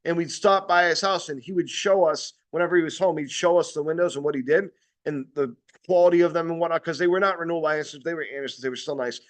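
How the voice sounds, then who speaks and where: A man's voice: fairly high pitch, quick pace. A man giving a casual sales training talk, rambling and blunt, swearing freely and checking in with his listeners.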